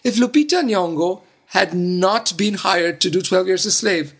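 A woman with a gravelly, husky voice picks apart an action film on a casual panel. She is animated and exasperated, laughing through her complaints. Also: medium pitch, measured pace. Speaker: film reviewer.

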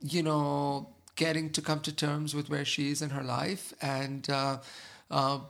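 A man's voice: fairly high pitch, monotone, unhurried, creaky, a bit bright. A man co-hosting a film podcast, reviewing movies in an enthusiastic, rambling way with many fillers. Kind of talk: casual film review chat.

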